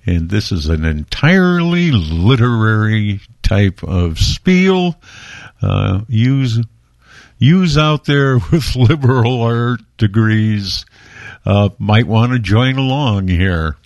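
A man's voice: fairly low pitch, expressive, takes it slowly, dry recording, studio quality. A man introducing the next piece in a wry, offhand way. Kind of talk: casual introduction.

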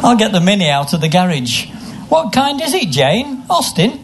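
A man performing a comic story full of literary name puns, with a deadpan delivery, recorded live. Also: sits high, normal speed, noisy background. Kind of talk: live comic reading of a pun-filled story.

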